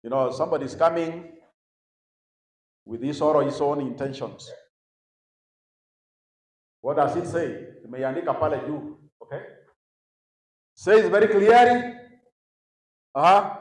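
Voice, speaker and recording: A man's voice: fairly high pitch, expressive, a little slow, pauses often. Kenyan man teaching in an echoey hall. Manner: prompts the audience to finish his sentences; mixes English with Swahili phrases. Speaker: youth conference speaker. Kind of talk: teaching a session to a youth audience. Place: large echoey conference hall.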